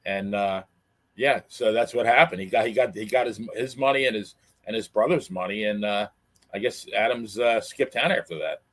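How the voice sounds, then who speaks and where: A man co-hosting a podcast, recounting wrestling history in a halting, filler-heavy way. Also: on the low side, a bit bright. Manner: halting, lots of fillers and restarts. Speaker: podcast co-host. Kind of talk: casual chat.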